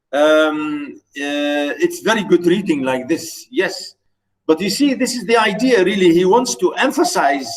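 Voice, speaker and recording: Guy teacher w a high voice, takes it real slow, dramatic poem reading then rambly explaining. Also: poor audio. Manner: dramatic, drawn-out recitation with repeated phrases; explains with many repetitions and fillers. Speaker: literature teacher. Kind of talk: poetry lesson, recitation and explanation.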